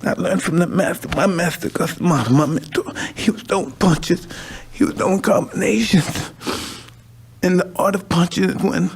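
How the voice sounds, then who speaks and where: A man's voice: high-pitched, normal speed, vocal fry, breathy edge. A man hosting a conversation, talking intensely and emotionally, repeating himself and swearing, at times crying. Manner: intense, emotional, repetitive, profane. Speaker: podcast host.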